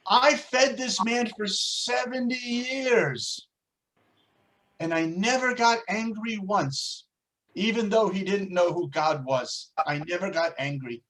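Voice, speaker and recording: A man voicing God in a told story, speaking in a measured, reproving way. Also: high-pitched, a bit bright, rough recording. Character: God, a patient and reproving heavenly voice.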